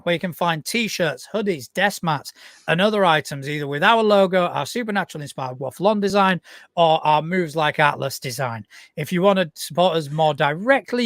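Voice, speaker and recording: A man's voice: fairly high pitch, a bit bright, dry recording. A middle-aged British man co-hosting a podcast, chatting casually with wry, dry jokes. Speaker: podcast co-host. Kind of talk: casual chat.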